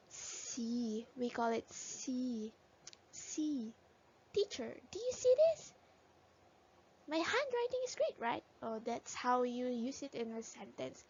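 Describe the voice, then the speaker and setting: A woman teacher patiently sounding out letters and words in a phonics lesson for young children. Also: on the high side. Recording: dull lo-fi recording.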